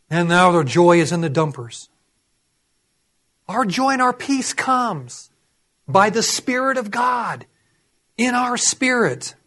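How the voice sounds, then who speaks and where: A middle-aged man preaching, telling personal stories and acting out the voices in them. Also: high voice. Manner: animated storytelling, acts out voices. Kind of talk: sermon with personal testimony.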